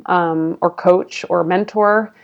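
A woman with a low, gravelly voice talks earnestly and reflectively. She speaks as an interview guest, pausing often with fillers as she thinks aloud. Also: fairly even intonation, highs cut off. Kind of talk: conversational interview.

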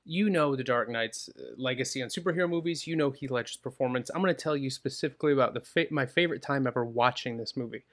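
A man's voice: mid-range voice, quick pace, hardly any pauses, fairly bright tone. A man co-hosting a movie podcast, telling chatty stories. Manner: chatty, nostalgic storytelling. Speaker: podcast co-host. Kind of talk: casual podcast chat.

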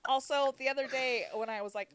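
A woman's voice: high-pitched, fairly quick, fairly bright tone, clear, resonant tone. A young woman telling gossipy family stories in casual chat, with lots of laughter and filler words. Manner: storytelling with frequent laughs and "like" fillers. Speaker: podcast co-host.

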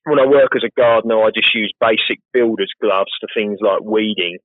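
Guest spot: low-voiced gardener, chatty and self-deprecating, heard over a tinny, dry remote call. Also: male voice, fairly quick, dry recording. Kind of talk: casual interview chat. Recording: tinny phone-like line, dry.

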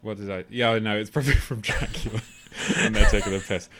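A man's voice: lowish voice, fast talker, fairly bright tone. A man co-hosting a podcast, talking casually in long rambling, tangential stretches with the odd swear. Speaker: podcast co-host. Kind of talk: casual chat.

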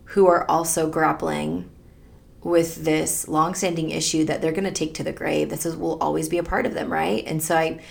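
A woman co-hosting a faith podcast, telling a personal story in an earnest, tender way with soft laughs. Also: sits low, level tone, normal speed, creaky. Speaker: podcast co-host. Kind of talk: reflective faith podcast conversation.

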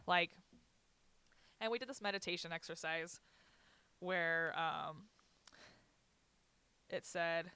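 A woman's voice: fairly low pitch, takes it slowly, long pauses, sharp tone, clear, resonant tone, no room sound. A woman telling stories in a casual chat, laughing often and acting out what others said.

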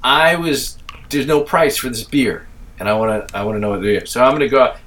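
A man's voice: mid-range voice, brisk, fairly bright tone, far from the mic. A middle-aged man from Staten Island, telling a rambling, profane story in casual chat.

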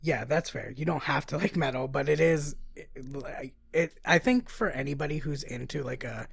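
Woman podcast co-host, gravelly and husky, rambling, giggly, dry close mic. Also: deep voice, moderate pace, no echo. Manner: laughs often, rambling with many "like" fillers. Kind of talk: casual chat, reading a plot summary.

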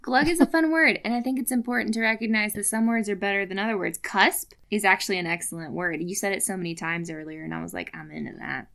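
Gravelly, playful woman chatting. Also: mid-range voice, steady tone, fast talker, few pauses, fairly bright tone. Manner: playful, swears freely, laughs often. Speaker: podcast guest. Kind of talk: casual chat.

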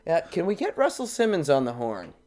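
A man's voice: on the high side, wildly swooping pitch, darkish tone. Crude, jokey male podcast co-host. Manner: crude, jokey, quick to laugh. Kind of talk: casual chat.

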